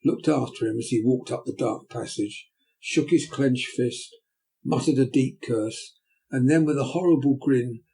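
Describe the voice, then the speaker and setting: Gravelly, dark-voiced male narrator. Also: medium pitch, poor audio. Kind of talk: audiobook narration.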